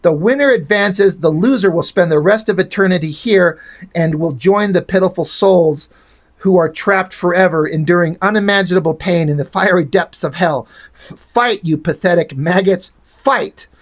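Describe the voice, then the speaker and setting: A man's voice: high-pitched, normal speed. A man reading the lines of a cruel, commanding female fiend who rules hell, in a mock-menacing way.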